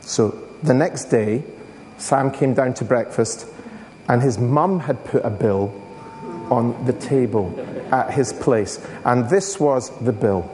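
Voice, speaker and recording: A man's voice: mid-range voice, takes it slowly, darkish tone, a little hiss or hum. Man, assembly speaker, storytelling style, reverberant hall. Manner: storytelling, addresses audience with questions. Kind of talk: school assembly talk.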